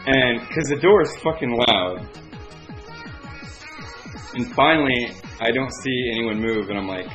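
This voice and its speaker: A man's voice: on the low side, fairly quick. A young man telling a casual story, rambling with lots of filler words and frequent swearing. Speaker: vlogger. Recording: dull lo-fi recording with music behind.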